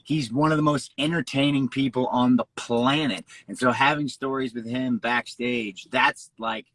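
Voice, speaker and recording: A man's voice: medium pitch, fairly even intonation, normal speed, a bit bright, dry recording. A man chatting on a live video call, enthusiastic and full of praise. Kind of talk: casual chat on a live stream. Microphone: phone or computer mic on a live video call.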